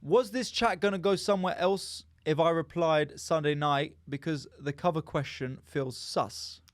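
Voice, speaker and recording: Man, podcast host, fairly high voice, reads texts out, dry close mic. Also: a little slow, no echo. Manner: reads listener texts aloud, agrees readily. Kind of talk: casual podcast chat.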